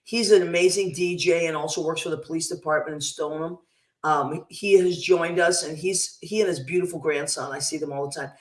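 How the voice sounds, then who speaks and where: A woman's voice: sits low, fairly even intonation, a little fast. Chatty woman radio host in a roomy space. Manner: chatty and effusive, gives shout-outs. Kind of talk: casual radio chat.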